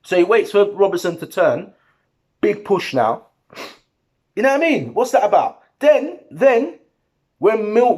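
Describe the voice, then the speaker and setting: A man giving a heated, slangy post-match football reaction, talking to the camera. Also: on the high side. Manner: animated, heated, slangy and repetitive. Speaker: football fan vlogger.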